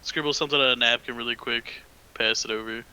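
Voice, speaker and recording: A man's voice: medium pitch, steady tone, fast, bright, forceful tone, clean tone, rough recording. A man playing a tabletop game, joking and playfully stubborn with the game master. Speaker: player. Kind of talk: casual tabletop game chat.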